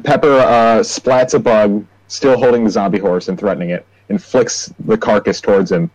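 A man's voice: lowish voice, fairly even intonation, moderate pace, a little mellow, dry recording, muffled recording. A man player in a tabletop game over an online call, talking in a casual, rambling way.

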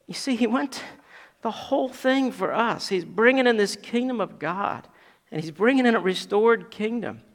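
A man preaching a sermon as pastor, building to loud emphatic peaks and dropping to quiet asides. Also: high-pitched, creaky, long reverb tail.

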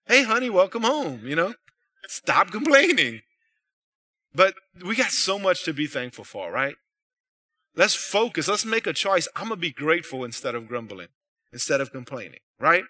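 A man's voice: on the high side, big pitch swings, moderate pace, bright, forceful tone. A man pastor giving a casual, conversational sermon, full of "you know" and "right?" asides to his congregation.

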